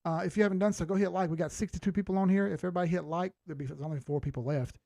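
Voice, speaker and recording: A man hosting a live crypto chart stream, chatting casually as he reads out viewer comments, blunt and quick to swear, often laughing. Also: sits high, fairly even intonation, gravelly, warm tone, dry recording, clean studio sound.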